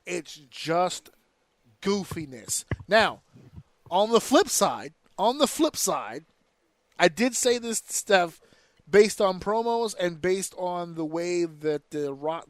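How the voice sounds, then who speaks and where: A man co-hosting a casual wrestling podcast, ranting excitedly and swearing often. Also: fairly high pitch, no echo. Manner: animated, profane, rants excitedly. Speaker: podcast co-host.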